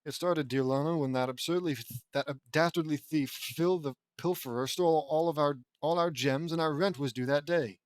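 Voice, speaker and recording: A man's voice: fairly high pitch, moderate pace, hardly any pauses, no echo, natural voice. A man voicing an earnest young brother figure, attempting a British accent with fumbling, stop-start delivery.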